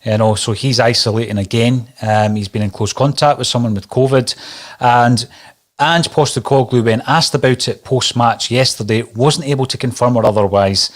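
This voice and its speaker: A man's voice: mid-range voice, fairly even intonation, normal speed. A man hosting a casual football podcast, upbeat and playful with words. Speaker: podcast host.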